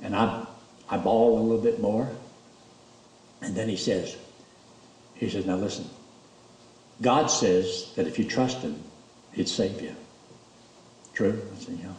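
Male preacher, lively storyteller, roomy church sound from a distance. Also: unhurried, pauses often. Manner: storytelling, animated, rises high when emotional. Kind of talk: sermon testimony.

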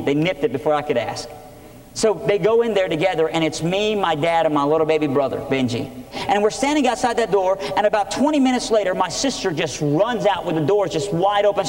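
A man's voice: high voice, fast talker. A man preaching his testimony, telling the story earnestly and with energy. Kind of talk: sermon testimony. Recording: echoey hall.

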